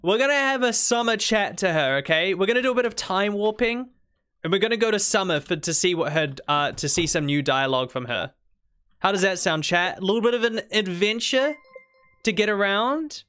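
A young woman with a mild New Zealand accent talks casually on a gaming livestream. She rambles, restarts her sentences and teases her viewers in a relaxed, chatty way. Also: mid-range voice, fairly quick. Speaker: streamer.

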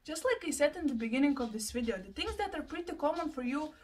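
A young woman vlogger chatting casually while unboxing gifts, excitable and full of gasping exclamations. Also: high-pitched, fast talker, slight background noise. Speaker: plant and lifestyle vlogger.

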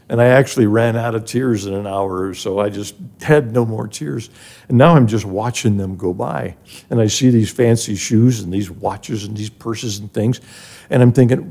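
Older male guest, gravelly, mellow tone; earnest personal storyteller. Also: on the low side, moderate pace. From grew up in an African village. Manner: earnest and emotional, rising when moved. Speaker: guest, charity president emeritus. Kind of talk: personal storytelling in a podcast interview.

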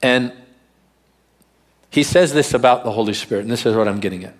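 A pastor with a medium-pitched voice preaches a sermon at a church service, telling the story and slowing down to stress key words.

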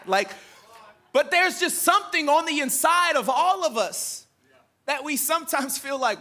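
High, bright-voiced animated pastor. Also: male voice, normal speed. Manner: animated, humorous storytelling in casual slang. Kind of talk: sermon.

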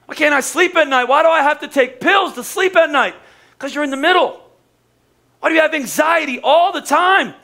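High, bright-voiced pastor preaching. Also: male voice, animated, normal speed. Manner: conversational preaching with acted quotes and humor. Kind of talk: sermon.

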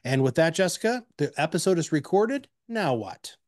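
A man presenting an instructional webinar, energetic and chatty, with personal anecdotes and emphatic repeated pleas. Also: a little high, moderate pace, no echo, studio quality.

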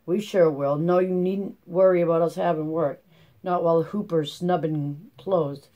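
A reader voicing a gruff, contemptuous camp guard with a sneering manner. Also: medium pitch, fairly even intonation, a little slow, lo-fi sound, natural voice. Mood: scornful.

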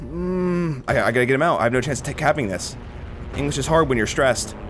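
A young man giving live commentary over his own gameplay, sarcastic and swearing, with sudden high-pitched bursts of panic. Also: brisk, a little hiss or hum. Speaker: gaming commentator.

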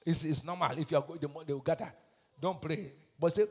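Pastor preaching loud, high voice swinging all over, big church echo. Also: male voice, brisk, slightly rough. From Nigeria. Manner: preaching with sudden shouted peaks and scripture recitation. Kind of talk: fiery sermon. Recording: long hall reverb.

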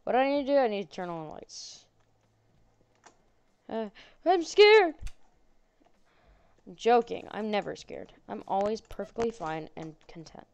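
A woman's voice: mid-range voice, expressive, a little fast, vocal fry, hardly any pauses, warm tone, clean tone, no room sound. A woman playing a horror game and commenting on it, sarcastic and jokey, chatting to the characters on screen. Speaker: gaming channel host.

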